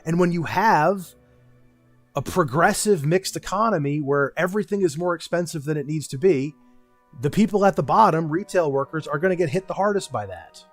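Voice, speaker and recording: Young male streamer, casual and blunt, ranting and swearing, slightly high pitch, soft music behind. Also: animated, normal speed, dry recording. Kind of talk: casual livestream chat.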